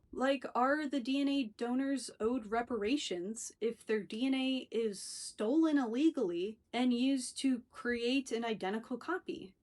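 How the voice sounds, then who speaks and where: A young woman casually reviewing books in a chatty, wry, loosely unscripted way. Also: a little high. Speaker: book reviewer. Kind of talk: casual book review vlog.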